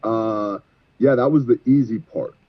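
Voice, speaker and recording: A man's voice: medium pitch, a little slow. An exhausted man, a ministry leader, speaking as a guest in a fervent, sermon-like way and quoting scripture. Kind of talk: preachy interview talk. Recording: tinny phone-like call line.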